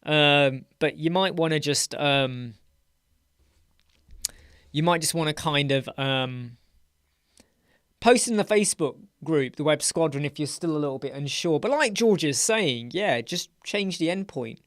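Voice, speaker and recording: A man's voice: a little high, expressive, measured pace, a bit bright, no room sound, clean studio sound. A man hosting a live web design Q&A, chatting casually, rambling and laughing as he answers viewer questions. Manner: chatty, rambling, laughs often, puts on mocking voices.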